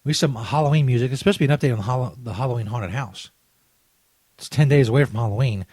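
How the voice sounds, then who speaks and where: Husky, foul-mouthed male radio host. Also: mid-range voice, quick pace, a little mellow, no echo. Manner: crude, irritable, mock-outraged. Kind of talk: comedy radio show. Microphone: studio microphone. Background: faint music.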